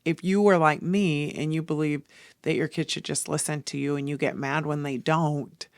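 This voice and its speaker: A woman's voice: deep voice, steady tone, normal speed, dry recording. A woman in her forties hosting a podcast, talking in an earnest, confessional way straight to her listeners. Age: 40s. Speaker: podcast host. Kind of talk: casual podcast monologue.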